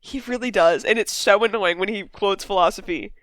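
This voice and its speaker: A woman's voice: mid-range voice, a little fast, a bit bright, no echo. Woman hosting a chill podcast, rambles a lot, swears casually, dry mic. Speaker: podcast host. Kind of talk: casual chat.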